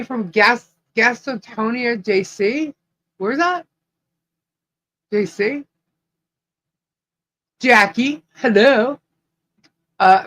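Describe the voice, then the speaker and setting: A woman co-hosting a live stream, slowly greeting viewers one by one by name and laughing often. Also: a little high, fairly bright tone, highs cut off. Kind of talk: casual live-stream chat.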